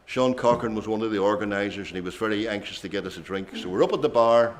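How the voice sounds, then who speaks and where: This older man speaks fast in a lowish voice, swapping chatty, rambling memories with asides between songs. The setting is a traditional singing session, where he tells stories in a relaxed way.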